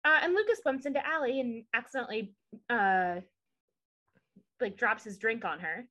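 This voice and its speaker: A woman's voice: on the high side, lively intonation, normal speed, fairly bright tone. A woman co-hosting a podcast, chatting casually and opinionatedly as she recaps a show, with many asides. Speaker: podcast co-host.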